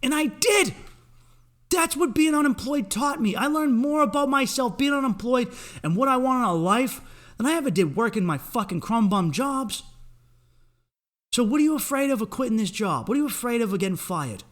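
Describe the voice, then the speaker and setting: A man's voice: very high-pitched, animated, fairly quick, a bit bright. A young man hosting a podcast, delivering a rambling, profane comic pep talk straight at the listener. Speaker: podcast host.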